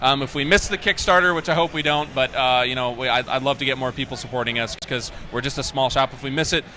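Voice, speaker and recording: Man, game developer, enthusiastic, animated storyteller, rapid-fire, bright voice. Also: medium pitch, a little hiss or hum. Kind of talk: casual interview.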